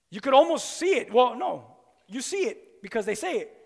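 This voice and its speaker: A man preaching a sermon in an animated way, firing rhetorical questions at his listeners. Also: very high voice, normal speed, gravelly. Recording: long hall reverb.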